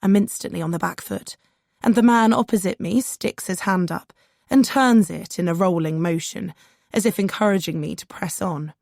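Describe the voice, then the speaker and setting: A woman's voice: lowish voice, moderate pace, gravelly, a little mellow, dry recording, clean studio sound. A woman narrating a first-person audiobook in a nervous, self-deprecating voice.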